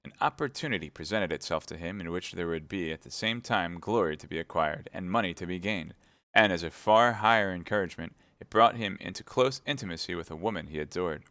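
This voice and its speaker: A man reading a classic novel aloud on a live stream, steady narration with chatty asides to viewers. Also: sits low, a little fast, no room sound.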